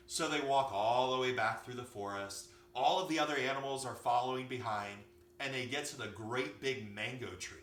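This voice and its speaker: A man, a yoga teacher, telling an animated story for children. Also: medium pitch, moderate pace. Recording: echoey room, far from mic, faint hum.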